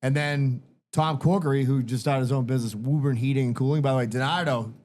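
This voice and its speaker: A man's voice: medium pitch, fairly even intonation, fast, a little mellow. A man guesting on a podcast, telling crude, joking stories in casual chat.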